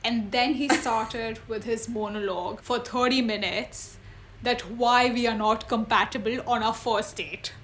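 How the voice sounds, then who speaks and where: A woman from India, a podcast guest, telling stories in an animated, laughing way. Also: a little high, measured pace, a little hiss or hum. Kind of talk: casual storytelling.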